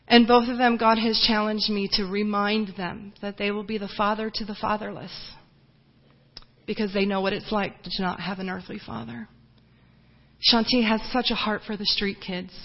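Lively storytelling woman, lo-fi sound. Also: medium pitch, in a large hall. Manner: lively storytelling with many restarts and fillers. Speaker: missionary reporting to a home church. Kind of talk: personal ministry report.

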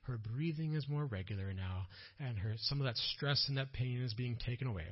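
A man with a mid-range voice speaks a little fast as a missionary at a church conference, telling stories from his work. He's an animated storyteller who loudly acts out the people he quotes. The church PA recording sounds dull and lo-fi.

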